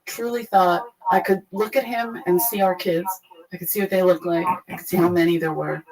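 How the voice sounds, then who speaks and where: A young adult woman frankly retelling a painful personal story, profane and animated. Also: fairly low pitch, brisk, rough recording. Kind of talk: candid conversational storytelling.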